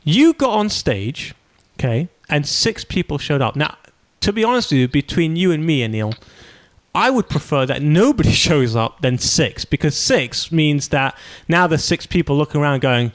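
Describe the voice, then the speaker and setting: A man's voice: fairly high pitch, very animated, normal speed. A man hosting a podcast interview, chatty and enthusiastic, reacting often and thinking aloud as he asks his questions. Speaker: podcast host. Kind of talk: conversational interview.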